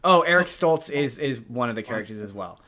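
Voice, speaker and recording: A man's voice: medium pitch, expressive, fairly quick, bright, forceful tone. A man co-hosting a podcast, talking casually in a rambling way with many restarts. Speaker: podcast co-host. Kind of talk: casual chat.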